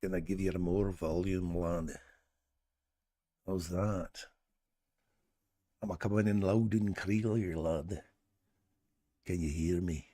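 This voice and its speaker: A man voicing a jovial Scottish ship engineer in a low, playful, put-on Scottish accent. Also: fairly even intonation, slow, pauses often, dark tone, no echo.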